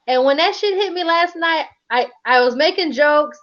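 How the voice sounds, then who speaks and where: A woman co-hosting a live stream, telling a story in a casual, animated way with slang and frequent laughter. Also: sits high, a little fast, hardly any pauses. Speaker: live stream co-host doing readings. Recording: dull lo-fi stream audio.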